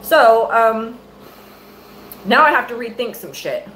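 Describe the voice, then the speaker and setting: A woman's voice: fairly high pitch, lively intonation, slow, a bit bright, slight background noise, low-quality recording. A middle-aged woman, a mother, angrily venting to her viewers on a live stream, cursing freely and close to her phone mic. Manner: angry, profane, venting.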